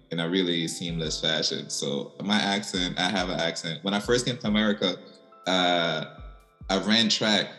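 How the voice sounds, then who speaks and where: A man from Costa Rica with a Caribbean Limón English accent, telling stories casually as a podcast guest, animated and laughing often. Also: deep voice, long reverb tail. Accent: Costa Rican Caribbean (Limón) English. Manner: animated, laughing, playful voice impressions. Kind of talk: casual storytelling in a podcast interview.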